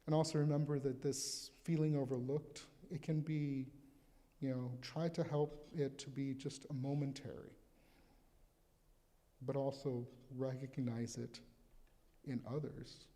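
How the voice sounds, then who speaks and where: A male pastor gives a conversational, reflective sermon at a live church service. His voice is mellow and relaxed. A long reverb trails each phrase through the sanctuary. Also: mid-range voice, measured pace. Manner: conversational, reflective, reads scripture aloud.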